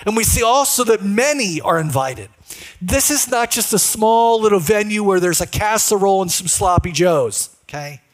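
A man's voice: high-pitched, animated, normal speed. A male pastor preaching a sermon in a conversational way, often putting questions to the congregation.

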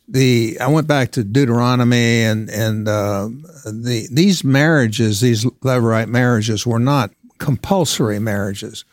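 Man in a bible chat, mid pitch, careful and thoughtful, kinda stops and restarts, dry mic. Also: no room sound. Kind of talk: Bible study discussion.

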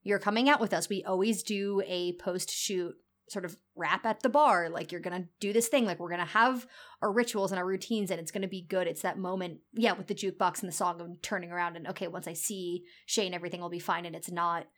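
A woman co-hosting a podcast, giving a thoughtful, measured analysis in casual chat, with frequent ums. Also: lowish voice, steady tone, a bit bright. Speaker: podcast co-host.

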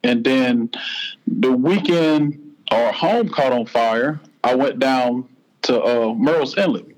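A man's voice: medium pitch, takes it slowly, a little mellow, soft background music, rough recording. A man in his forties with a Southern US accent, telling a personal story as a podcast guest in an earnest, heartfelt way. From North Carolina, US.

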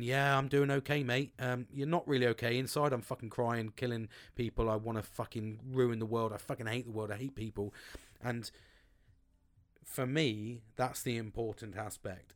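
A man talks to his podcast listeners in a loose, candid monologue. His voice swings widely between low and high. He swears often and leans hard on his words. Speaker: podcast host. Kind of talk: casual monologue. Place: home, outdoors on a sunny afternoon.

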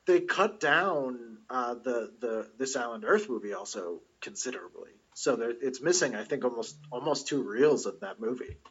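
A man co-hosting a casual chat, calmly explaining details and trivia. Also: medium pitch, normal speed, few pauses, slightly rough, dull audio.

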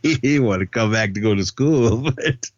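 A man's voice: lowish voice, normal speed, lo-fi sound. A man co-hosting a podcast, recapping a film in casual, rambling chat with frequent laughs. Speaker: podcast co-host.

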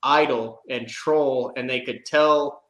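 A man spins a long, rambling story in easygoing podcast talk, peppering it with "like" and chuckles. His pitch sits in an ordinary middle range. The room gives his voice a noticeable echo. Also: steady tone, slow pace, a bit bright. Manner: rambling, many "like" fillers, laughs while telling. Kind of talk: casual chat, storytelling. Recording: roomy echo.

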